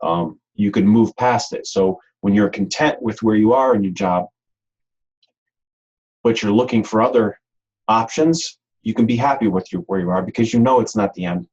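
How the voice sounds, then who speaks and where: Husky low-voiced man giving a webinar. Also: moderate pace, a little mellow, lo-fi sound. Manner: rambling, repeats words, many ums. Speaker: webinar presenter. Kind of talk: unscripted webinar talk.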